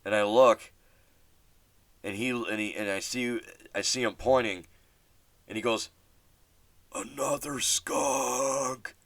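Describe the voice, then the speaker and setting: A man's voice: fairly low pitch, fairly even intonation, a little slow, pauses often, no echo. A man hosting a casual solo podcast and telling a story in a rambling way, with lots of fillers and restarts and casual swearing. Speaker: podcast host.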